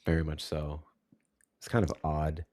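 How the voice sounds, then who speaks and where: A man's voice: very deep voice, monotone, unhurried, a little mellow, no echo. A man co-hosting a casual live-stream chat, making dry, wry remarks.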